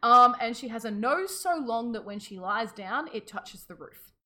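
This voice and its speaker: A woman co-hosting a podcast, telling a folklore story in a giggly, animated casual chat. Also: a little high, moderate pace. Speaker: podcast co-host.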